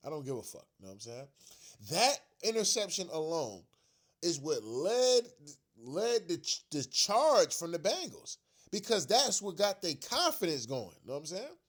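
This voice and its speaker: A man's voice: a little high, very animated, moderate pace. A man ranting as a frustrated fan on his own show, profane and slangy, repeating himself and laughing in disbelief. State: upset and frustrated. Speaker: sports rant vlogger. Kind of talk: fired-up fan rant.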